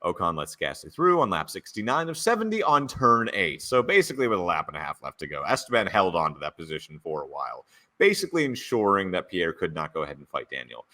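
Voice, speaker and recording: A man's voice: low voice, very animated, quick pace, pushed and bright. A man co-hosting a podcast in casual, playful chat, teasing and joking as he recaps events. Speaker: podcast co-host. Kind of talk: casual chat, reading out race radio quotes.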